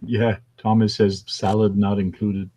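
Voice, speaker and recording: A man's voice: on the low side, little pitch movement, a little slow, warm tone, a little hiss or hum. A man co-hosting a podcast in casual chat, dropping dry one-liners and mock announcements. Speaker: podcast co-host.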